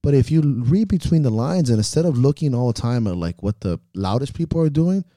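A man's voice: mid-range voice, lively intonation, brisk, dark tone, dry recording, studio quality. Blunt, profane man ranting. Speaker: podcast co-host, meet promoter. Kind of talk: casual chat.

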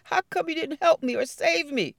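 A woman's voice: high voice, normal speed, no echo, clean studio sound, pitched above the performer's own voice. A woman storyteller voicing a stubborn, angry old man who insists on waiting for help from God. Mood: aggrieved. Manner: indignant, insistent.

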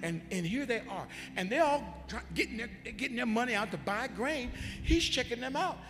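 A man preaching a sermon as a bishop, retelling scripture with animated delivery and shouting at its peaks. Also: extremely high pitch, fairly quick, long reverb tail. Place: church sanctuary.

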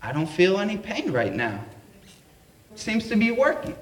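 A man voicing a sweet, gentle elderly grandmother from the Southern church world, her lines raised higher than his own voice. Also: sing-song, moderate pace, recorded from a distance, lightly acted. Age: older. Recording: roomy echo.

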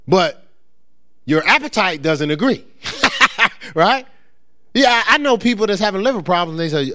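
Animated preaching pastor, lively pitch. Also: male voice, normal speed, pauses often. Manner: animated preaching with rising emphasis and quoted voices; drops into a low, soft storytelling voice. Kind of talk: sermon.

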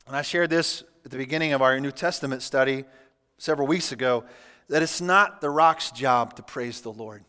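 A man preaching a sermon as pastor, reading scripture aloud and adding relaxed, humorous asides. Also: a little high, fairly quick. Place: church sanctuary. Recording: church hall with long reverb.

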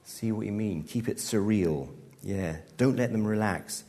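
A man's voice: fairly low pitch, unhurried, mellow. A man reading aloud, voicing a brash young male stand-up comic who bellows and swaggers. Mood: sheepish. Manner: bellowing, swaggering stage patter.

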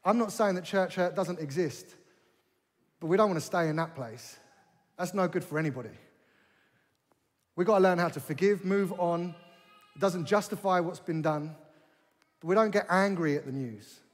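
Male preacher, high register, passionate and repetitive. Long hall reverb. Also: moderate pace, long pauses. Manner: impassioned, rising to forceful rhetorical questions; repeats phrases for emphasis. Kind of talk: sermon.

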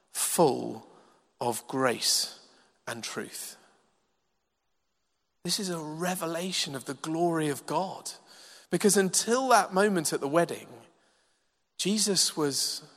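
A man preaching a sermon in a church, measured and emphatic with dramatic pauses. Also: on the high side. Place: church hall. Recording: long reverb of a large hall.

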